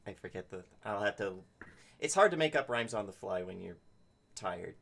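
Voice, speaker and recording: A young adult man with a somewhat low voice chats at the gaming table. He rambles from one joke to the next and swears casually. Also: expressive, moderate pace, gravelly, fairly bright tone. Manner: rambling, joking and profane. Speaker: player. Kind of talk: casual chat at a tabletop game.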